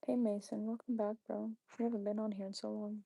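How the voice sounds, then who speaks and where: A woman's voice: medium pitch, level tone, fairly quick, creaky, warm tone, breathy edge. A woman hosting a casual livestream from her phone, reading the chat and cursing constantly as she argues back at viewers. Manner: profane, confrontational, heavy cursing. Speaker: livestream host. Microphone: phone held away from face.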